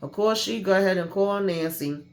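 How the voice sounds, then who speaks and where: A woman hosting a casual TV episode recap who talks in an animated, slangy way and acts out the characters. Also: medium pitch, normal speed. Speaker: YouTube TV recap host.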